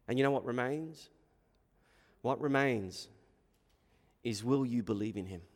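A man's voice: mid-range voice, long reverb tail. A male pastor preaching a sermon in an emphatic way, asking rhetorical questions and repeating his words for stress.

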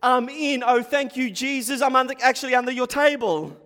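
A man's voice: very high-pitched, a little fast, fairly bright tone, voice pushed up. A man voicing a witty woman who pleads earnestly for crumbs, inside a sermon, in an echoey hall. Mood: bold.

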